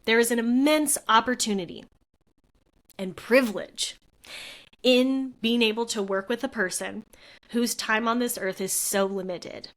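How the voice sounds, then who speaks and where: A woman's voice: on the high side, measured pace, fairly bright tone. A young adult woman, a physical therapist, hosting a solo podcast in an earnest, heartfelt, conversational way with frequent fillers. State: tearful at moments.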